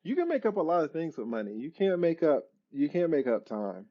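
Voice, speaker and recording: A man's voice: on the high side, sing-song, brisk, dull audio. A man who is an attorney, hosting a live stream Q&A and answering viewers in an emphatic, repetitive, preachy way.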